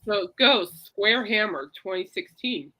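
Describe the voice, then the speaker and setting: A woman's voice: medium pitch, animated, a little slow, bright, forceful tone, low-quality recording. A woman hosting a casual podcast, chatty and reassuring, rambling between topics. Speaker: podcast host. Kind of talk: casual chat.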